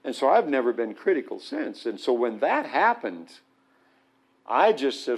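A man's voice: mid-range voice, moderate pace, gravelly. A man telling a story animatedly as a guest on a Christian talk show. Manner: animated anecdote, acts out the voices. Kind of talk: storytelling testimony.

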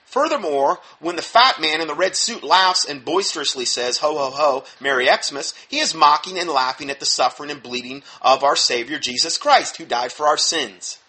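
A man preaching in an emphatic, animated teaching style, stressing points sharply and dropping into low mumbled asides. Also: moderate pace, hardly any pauses. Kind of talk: sermon-style teaching talk.

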